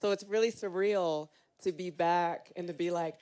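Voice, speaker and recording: A woman chatting casually on a panel, animated and joking. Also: lowish voice, a little slow, slight background noise. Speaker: actress on a panel.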